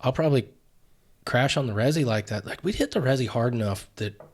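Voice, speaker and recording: A man in a studio interview, telling animated stories, acting out quotes and laughing often. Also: mid-range voice, a little fast. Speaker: guest, retired pro BMX rider. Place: podcast studio.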